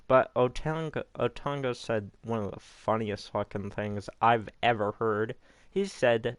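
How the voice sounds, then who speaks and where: Slow-talking, smooth-voiced man ranting. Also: mid-range voice, fairly even intonation, dry recording. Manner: rambling, profane, opinionated. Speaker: YouTube wrestling recap host. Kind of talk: casual recap commentary.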